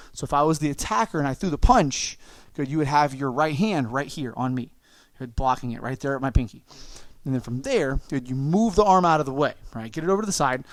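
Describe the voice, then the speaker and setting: A man with a fairly high voice leads an online martial arts lesson, calling out each move and encouraging his students. His sound is dry and close, with no room echo. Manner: coaching, encouraging, calls out moves and kiai shouts. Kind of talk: online class instruction.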